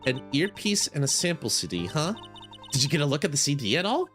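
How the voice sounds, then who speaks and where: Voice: mid-range voice, sing-song, brisk, a bit bright, soft background music, pitched below the performer's own voice. A streamer voicing an earnest young male defense lawyer in a dry, exasperated tone, reading a game aloud. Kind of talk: reading a visual novel aloud.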